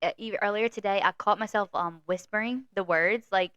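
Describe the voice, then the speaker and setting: A woman co-hosting a book podcast in casual chat, animated and blunt, laughing often. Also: mid-range voice, brisk, smooth, no echo, highs cut off. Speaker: podcast co-host. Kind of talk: casual chat about a novel.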